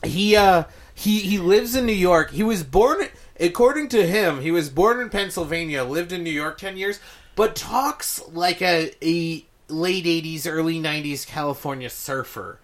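A man's voice: a little high, lively intonation, moderate pace. A man co-hosting a casual chat, rambling and swearing, with many restarts. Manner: rambling, profane, restarts a lot.

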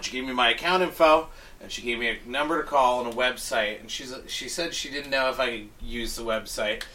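A man's voice: mid-range voice, fairly quick, far from the mic. Swearing, exasperated man ranting. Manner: exasperated, heavy swearing, animated retelling. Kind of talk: casual chat, profane ranting story.

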